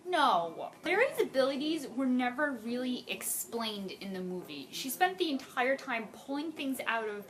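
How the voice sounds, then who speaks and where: A young woman giving a casual video review as a book fan, animated and exasperated, with sudden rising outbursts. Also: fairly high pitch, unhurried.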